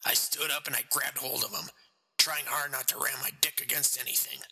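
A big, hoarse man recounts his crime in a calm, level, unwavering voice, as the narrator puts him on. The low voice has a gravelly rasp and a sharp, bright edge, and it sits in a long, echoing reverb. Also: normal speed, heavily acted. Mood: menacing.

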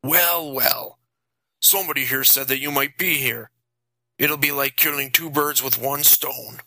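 A man voicing a huge male vampire who speaks mockingly, nearly laughing, in a dry, bright storybook reading. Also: medium pitch, fairly even intonation, unhurried, no echo.

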